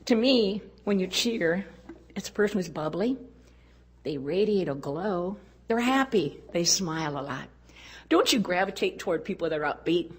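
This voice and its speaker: An older woman speaking at a women's conference, telling a personal story in an earnest way and dropping to a hush at tender moments. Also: fairly low pitch, animated, normal speed, slightly rough. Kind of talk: storytelling talk.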